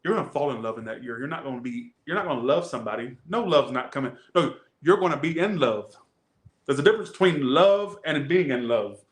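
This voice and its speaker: A man's voice: medium pitch, brisk. Blunt joking Southern man, echoey room. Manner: animated, blunt, joking, swears freely. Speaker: tarot reader. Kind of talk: casual tarot reading.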